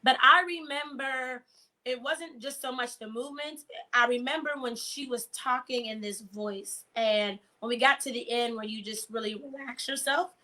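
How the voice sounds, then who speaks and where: A woman hosting a casual video call chat, telling stories in a lively way with slang and frequent laughter. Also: high voice, moderate pace. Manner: lively storyteller, laughs often, uses slang. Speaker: host.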